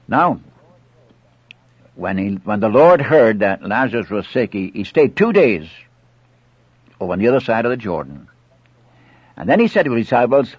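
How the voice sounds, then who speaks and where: Earnest preacher guy, lowish husky voice, acts out the bible bits, muffled dry old tape. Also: dry recording. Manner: earnest, acts out scripture dialogue with pleading asides. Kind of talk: sermon.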